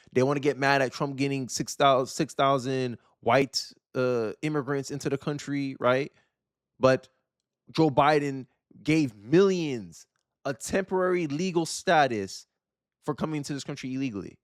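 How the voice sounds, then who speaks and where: A man's voice: medium pitch, normal speed, no echo, studio quality. A man hosting casual political commentary, talking emphatically with repeated words and frequent tag questions. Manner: emphatic, repeats words and says "right?" often.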